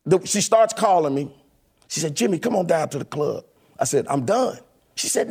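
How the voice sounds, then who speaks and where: A man telling a personal story about his years as a club DJ in a lively, casual way, often acting out the voices of the people in it. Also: a little high, normal speed, vocal fry, breathy edge. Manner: animated, laughing, acts out quoted voices.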